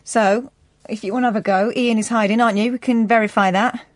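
A woman co-hosting a late-night radio phone-in from the studio, running the switchboard with a brisk, wry manner. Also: fairly high pitch, steady tone, no room sound. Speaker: radio co-host.

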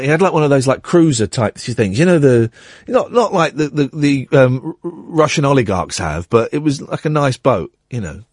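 Male radio host, middle-aged, lively storyteller with a slightly husky, dry studio sound. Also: mid-range voice, normal speed, dry recording. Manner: animated anecdote with acted-out quotes.

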